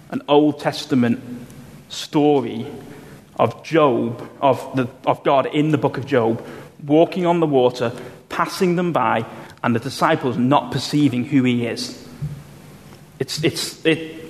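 A man preaching a sermon, explaining Bible passages in a measured way and slowing down to stress key phrases. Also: mid-range voice. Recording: long hall reverb, faint room noise.

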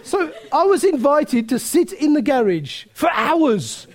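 A man preaching a sermon, telling a story with many restarts and laughter, then turning quieter and earnest. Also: very high-pitched, big pitch swings, slow, some chatter behind. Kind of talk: sermon with anecdote.

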